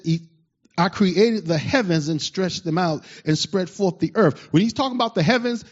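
A man preaching a sermon to his congregation, his voice sitting a little high for a man. His delivery is fervent and emphatic, swinging from loud, fired-up exclamations to soft asides. The recording is dull and lo-fi. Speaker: pastor.

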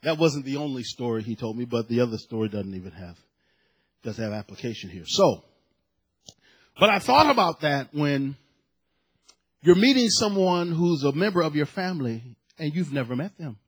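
A man preaching a sermon, telling a family story in a chatty, animated way with asides before reading and explaining scripture. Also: mid-range voice, normal speed, husky. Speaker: pastor.

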